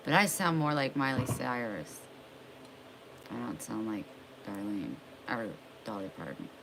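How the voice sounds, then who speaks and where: A woman's voice: very deep voice, lively intonation, unhurried, gravelly, fairly bright tone, slight background noise, low-quality recording. A young woman chatting casually on a livestream, drawling and greeting viewers by name. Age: young adult.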